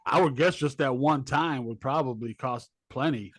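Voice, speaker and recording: Male co-host, relaxed and rambling, casual talk, medium pitch. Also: normal speed, no echo. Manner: laid-back, rambling, says dude. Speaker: podcast co-host. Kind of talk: casual chat.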